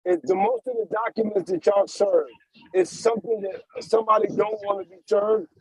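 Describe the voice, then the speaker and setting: A man's voice: extremely high pitch, huge pitch swings, moderate pace, vocal fry, dry recording, rough recording. A man joking and teasing in a casual podcast chat over a video call.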